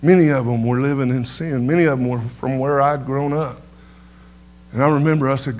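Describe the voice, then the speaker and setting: A man's voice: mid-range voice, fairly even intonation, fairly quick, darkish tone, a little hiss or hum. A middle-aged man preaching his testimony, telling folksy stories and tossing "amen" to the congregation. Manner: folksy storytelling, peppered with "amen" to the crowd. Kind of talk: sermon testimony storytelling.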